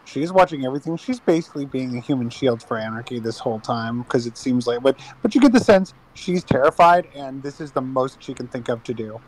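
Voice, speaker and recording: A man's voice: mid-range voice, lively intonation, brisk, few pauses, slightly rough, low-quality recording. A man playing a tabletop game who describes his character casually, with plenty of 'like'. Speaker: player. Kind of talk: tabletop role-play chat.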